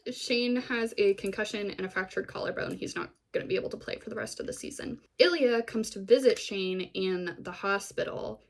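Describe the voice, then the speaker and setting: A woman vlogger recaps a TV series in a loose, gossipy way, peppering it with fillers and wry asides. Her voice sits in a mid range, and she keeps the tone animated and conversational. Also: medium pitch, gravelly.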